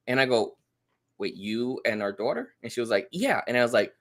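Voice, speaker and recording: A man in his thirties tells a story on a casual podcast, his pitch swinging widely. He slips into the voices of the people he quotes and keeps a chatty storytelling manner. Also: normal speed, creaky. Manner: animated storyteller, acts out quotes. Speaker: podcast guest. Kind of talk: casual chat.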